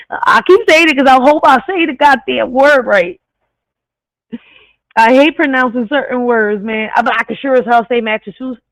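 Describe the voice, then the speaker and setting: Heard through a dry, tinny, phone-like recording with no echo, an accented woman with a fairly low voice hosts her channel. She chats casually with viewers, swears freely, and stumbles over and corrects her words.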